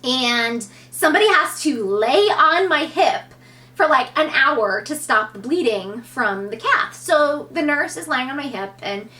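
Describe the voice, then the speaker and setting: A woman in her thirties telling a personal story to camera in a candid, animated way, acting out what people said. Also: high voice, measured pace, recorded from a distance. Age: 30s. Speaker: vlogger.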